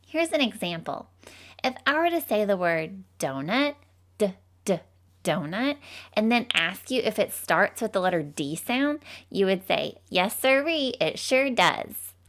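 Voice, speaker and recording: A bubbly cartoon teacher, voiced by a woman, who leads little ones through letter sounds. Her voice sits at an ordinary middle pitch for a woman. She is sing-song and encouraging, and every bit of praise comes out bright and upbeat. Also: sing-song, a little slow. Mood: cheerful. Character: cheerful Southern female cartoon phonics teacher. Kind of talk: children's phonics lesson.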